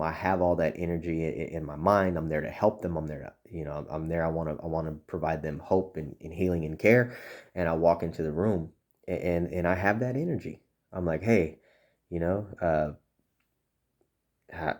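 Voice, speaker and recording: A man's voice: low-pitched, a little mellow. A man talking casually and earnestly to fellow chiropractors, coaching them, often restarting and saying "you know". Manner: earnest, repeats words, many "you know" fillers. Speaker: chiropractic consultant.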